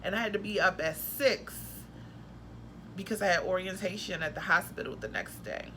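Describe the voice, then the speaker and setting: A woman who works as a travel nurse, telling a story in a casual vlog in an expressive, slangy, dramatic way. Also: lowish voice, normal speed, slight background noise.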